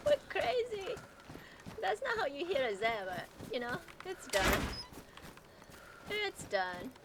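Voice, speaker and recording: Woman, game streamer, live commentary, excitable, lively pitch swings, slow delivery, clear background noise. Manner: chatty, excitable, laughs often, talks to chat.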